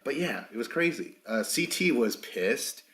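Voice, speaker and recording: A man's voice: medium pitch, expressive, unhurried, a bit bright. A man hosting a casual podcast recap without a proper microphone, rambling, swearing freely and acting out what others said. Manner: rambling, profane, acts out quotes. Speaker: podcast host.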